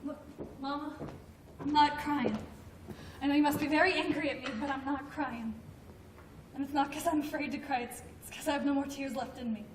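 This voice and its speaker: Cast an actress as a childlike adult woman, earnest and halting, very high voice, roomy far-off film sound. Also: steady tone, close to an everyday voice. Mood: pleading. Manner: earnest, halting, stammers when upset. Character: childlike grown woman, anxious and pleading. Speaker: grandmother's grown daughter. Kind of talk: film drama acting. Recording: roomy, distant film sound, faint noise.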